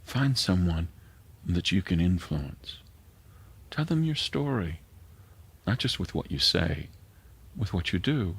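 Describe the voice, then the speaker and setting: A man's voice: low voice, sing-song, slow, gravelly, long pauses, fairly bright tone, breathy edge. A middle-aged man, a pastor preaching an earnest sermon that sometimes drops to a near whisper.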